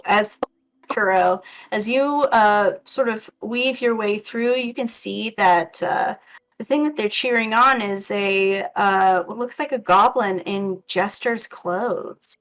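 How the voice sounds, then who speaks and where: Slow, hesitant woman game master. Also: mid-range voice, fairly bright tone, poor audio. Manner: slow and hesitant, with many ums. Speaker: dungeon master. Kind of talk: narrating a tabletop game.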